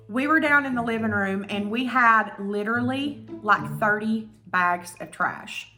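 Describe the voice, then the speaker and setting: A young woman with a bright, forceful voice rants through a storytime vlog, animated and freely swearing. A little music plays faintly underneath her. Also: a little high, a little slow. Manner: animated, profane and ranting. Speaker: YouTuber.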